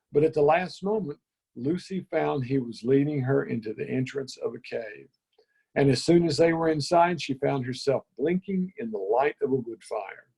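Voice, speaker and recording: A man reading a children's storybook aloud in an unhurried, gentle way. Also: medium pitch, breathy edge.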